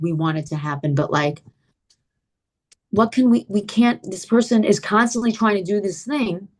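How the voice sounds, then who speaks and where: A middle-aged woman telling a personal story as a guest in an interview, lively and animated, acting out quoted dialogue and using many "like" and "you know" fillers. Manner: animated, acts out quoted dialogue with big pitch jumps.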